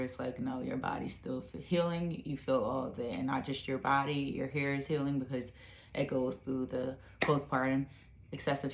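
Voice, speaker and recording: A woman with a very low voice talks casually to the camera in an echoey room at home. She rambles and fills her speech with "like" and "you know.". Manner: chatty and rambling, many fillers. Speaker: vlogger.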